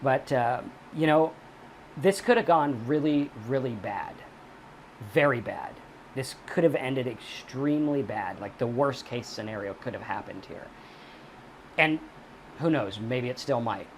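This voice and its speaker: A man talks straight to the camera with blunt, profane advice, circling back to the same points again and again. His voice sits at an ordinary pitch for a man. A faint hiss of background noise runs under the recording. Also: lively intonation, unhurried. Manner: blunt, profane, emphatic, repeats key points. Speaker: recovery channel host. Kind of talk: direct-to-camera advice monologue.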